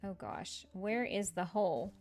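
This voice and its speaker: A woman with a mid-range, slightly mellow voice speaks at a measured pace with lively intonation, faint music in the background. As she streams a game, she chats with viewers casually, laughs often, and teases herself.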